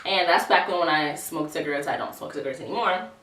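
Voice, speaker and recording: A woman's voice: deep voice, fast, a bit bright, a little hiss or hum. A woman in her twenties telling a storytime vlog in a chatty, profane, slangy way. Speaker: vlogger. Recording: roomy echo, distant mic.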